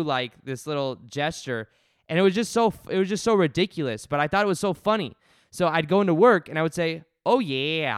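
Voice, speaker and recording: A young man talking casually to camera as a self-help YouTuber, telling stories in an animated way with many restarts and asides. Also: on the high side, clear, resonant tone, no echo, studio quality.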